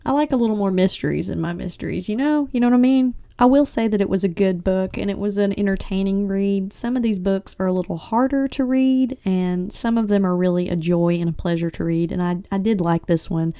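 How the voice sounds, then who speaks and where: Mellow-voiced woman hosting a chatty podcast. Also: medium pitch, fairly quick, few pauses, clean tone. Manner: chatty, expressive, with frequent "like" and "I mean". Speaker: podcast host. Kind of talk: casual solo book-review podcast.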